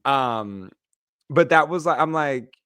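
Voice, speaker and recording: A man co-hosting a podcast, telling stories in a playful, emphatic, animated way. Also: medium pitch, takes it slowly, clear, resonant tone, dry recording, clean studio sound. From Los Angeles. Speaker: podcast co-host. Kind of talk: casual chat.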